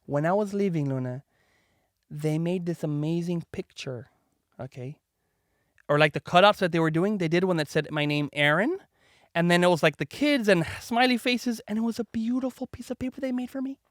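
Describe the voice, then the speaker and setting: A podcast host with a voice that sits high tells his daughter a story at normal speed, chatty and animated, full of "like" and "right?". He acts out the voices of the people in it, and the studio sound is clean with no echo.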